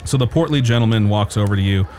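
A man narrating a tabletop game as game master, describing scenes in a relaxed way with frequent fillers. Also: on the low side, fast.

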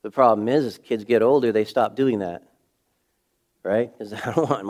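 A middle-aged man preaching a sermon in a conversational way, full of rhetorical questions, swinging between loud emphasis and hushed moments. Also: on the low side, normal speed. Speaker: pastor.

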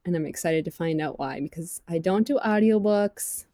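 A young woman chatting casually about books, animated and full of "like" fillers. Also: fairly low pitch, moderate pace, no room sound, studio quality. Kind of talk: casual chat.

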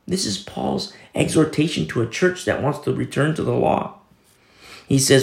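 A man's voice: mid-range voice, lively intonation, normal speed, creaky, long pauses, a little mellow, echoey room. A male pastor giving a sermon in a casual storytelling way, reading and quoting scripture as he goes. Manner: conversational, storytelling preaching with scripture quotes.

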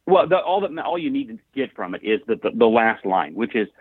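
Podcast guy, thinks out loud, lots of restarts, sounds like a phone line. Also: fairly low pitch, big pitch swings, fairly quick, breathy edge, no echo. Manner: hesitant, restarts, thoughtful. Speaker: podcast co-host. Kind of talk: casual chat.

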